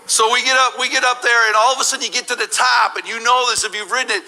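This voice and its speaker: A middle-aged man telling a humorous personal story as a guest speaker at a church service, animated and laughing, with many restarts. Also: very high-pitched, fast talker, some chatter behind, a little hiss or hum, rough recording.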